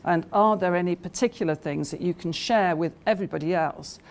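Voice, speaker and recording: A woman's voice: on the low side, fairly quick. A woman giving a conference talk, telling anecdotes with many hesitations and fillers. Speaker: conference speaker.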